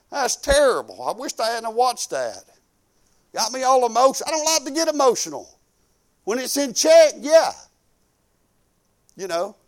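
An older man preaching with a drawl and a strikingly high voice. He hammers points through repetition and folksy, storytelling asides, acting out little quoted conversations as he goes. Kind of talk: sermon.

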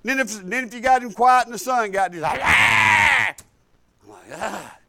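Older male pastor, high-pitched, folksy sermon with hushed asides and bold shouted points. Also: lively intonation, quick pace. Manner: swings from soft asides to bold preaching shouts. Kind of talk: storytelling sermon.

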